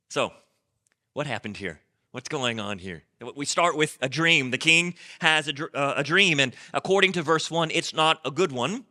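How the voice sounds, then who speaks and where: A man's voice: a little high, lively intonation, moderate pace, pushed and bright. A man preaching a sermon as pastor, speaking conversationally, repeating words and asking rhetorical questions.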